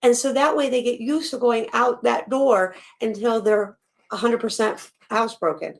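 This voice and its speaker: Woman host reacting on a live stream, kinda high voice, blunt and animated, swears a lot. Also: moderate pace, creaky. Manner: blunt and animated, swears freely, laughs between remarks. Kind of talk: casual reaction commentary.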